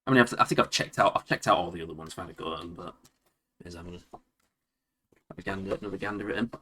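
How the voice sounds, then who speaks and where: Man, Yorkshire accent, lowish voice, rambling game-stream chatter, faint hiss behind. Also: rapid-fire, bright, forceful tone. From Leeds, England. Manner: rambling, chuckling, talks to himself while playing. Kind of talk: casual live-stream commentary.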